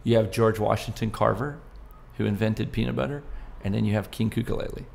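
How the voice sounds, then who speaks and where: He's a Southern California man in his forties, a musician and comedian sitting in for a relaxed interview, playful and prone to rambling tales. The voice runs low and steady, a little fast, creaky and somewhat mellow.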